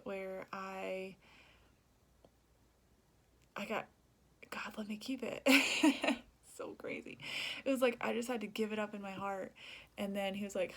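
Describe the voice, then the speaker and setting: A woman's voice: medium pitch, gravelly. A young woman talking earnestly in a personal vlog, rambling, laughing often and dropping to a whisper. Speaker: vlogger.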